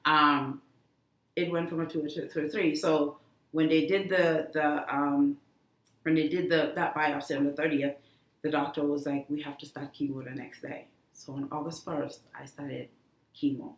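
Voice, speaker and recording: A woman being interviewed, talking earnestly and haltingly, with many restarts. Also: deep voice, steady tone. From The Gambia. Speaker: guest, cancer survivor. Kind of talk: emotional interview talk. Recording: echoey room.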